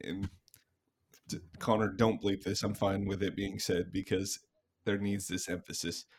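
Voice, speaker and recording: A man's voice: low-pitched, flat delivery, unhurried, a little hiss or hum. A man hosting a casual podcast, joking crudely and laughing often. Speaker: podcast host.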